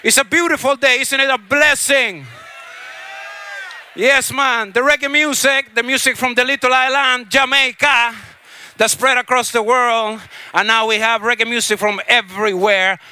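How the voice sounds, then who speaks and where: Very high-voiced shouting festival MC. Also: male voice, fairly even intonation, moderate pace, smooth. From Chile. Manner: shouted hype call-outs, preachy blessings. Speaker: stage MC at a reggae festival. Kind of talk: live stage announcing.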